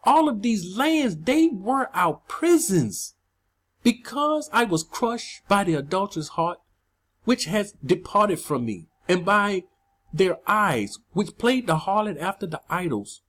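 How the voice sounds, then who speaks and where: A woman's voice: mid-range voice, very animated, takes it slowly. A woman preaching and teaching scripture, emphatic and repetitive, rising on key words.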